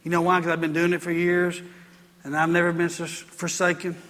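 Male pastor, emphatic repetitive sermon delivery, high voice, echoing sanctuary. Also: completely flat delivery, a little fast, fairly bright tone. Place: church sanctuary.

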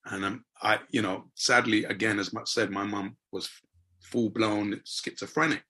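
A husky middle-aged man hosts a podcast conversation. He tells his story in an animated way, slipping into different voices as he goes. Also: lowish voice, normal speed. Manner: animated, acts out voices in anecdotes. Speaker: podcast host.

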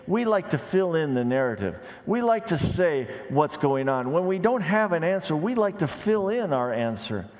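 A male pastor gives an animated sermon in a church sanctuary, his pitch ranging widely, going up on questions and down low when he wants emphasis. He adds conversational asides and bits of light humor, and the audio has the extended reverb of a large hall.

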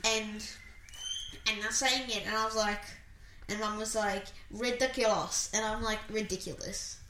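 A woman's voice: mid-range voice, level tone, moderate pace, sharp tone, slight background noise. A woman co-hosting a podcast, telling stories in a rambling, casual way. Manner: rambling, lots of fillers and restarts. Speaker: podcast co-host. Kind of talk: casual chat. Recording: echoey home room.

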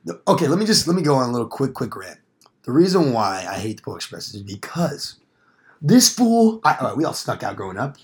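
Young guy joking around, mid pitch, goes off on little rants. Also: lively intonation, fast talker. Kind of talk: casual podcast banter.

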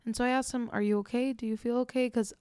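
A woman's voice: on the high side, steady tone, fast talker, darkish tone, clear, resonant tone, dry recording. A woman in her twenties, a podcast host, telling a personal story in an earnest, reflective way with many casual fillers. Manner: earnest, reflective, frequent "like" and "you know".

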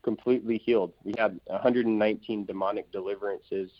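A man's voice: fairly low pitch, fairly even intonation, no room sound. Emphatic evangelist man, dry lo-fi sound. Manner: emphatic, rapid-fire storytelling with fillers. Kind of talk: testimony in a talk-show interview.

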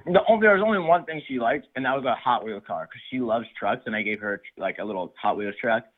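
A man's voice: medium pitch, lively intonation, fast. A man calling in to an advice show, rambling hesitantly through a story about a girl. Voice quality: hesitant, rambling, full of "I'm like". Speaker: caller. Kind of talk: phone call-in story. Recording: tinny phone line.

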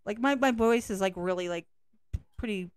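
A woman's voice: medium pitch, moderate pace, clean tone, no echo. Chatty woman hosting a podcast. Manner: chatty, with fillers like "like". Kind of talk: casual chat.

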